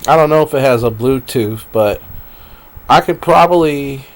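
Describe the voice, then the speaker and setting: A man's voice: mid-range voice, moderate pace. A man live streaming at his computer, rambling to himself with frequent laughs as he browses. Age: adult. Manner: meandering, talks to himself, laughs often.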